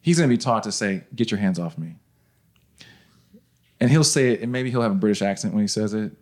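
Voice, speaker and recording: A man's voice: lowish voice, lively intonation, brisk, a little mellow. A man co-hosting a casual parenting podcast, chatty, laughing often and restarting his sentences. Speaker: podcast co-host. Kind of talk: casual chat.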